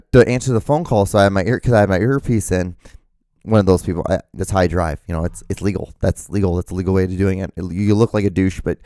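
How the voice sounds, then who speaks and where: A young man hosts his own show alone, telling a long story in a loose, rambling way. He keeps restarting his sentences, and he swears without thinking about it. His voice sits fairly low, and the recording is dry and close. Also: mellow, clean tone, dry recording. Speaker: podcast host. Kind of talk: casual solo rambling.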